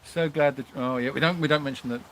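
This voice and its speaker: A man's voice: medium pitch, steady tone, quick pace, fairly bright tone, slight background noise. A man co-hosting a casual live stream outdoors at an animal sanctuary, teasing his co-host and joking around. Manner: jokey and teasing, mimics accents.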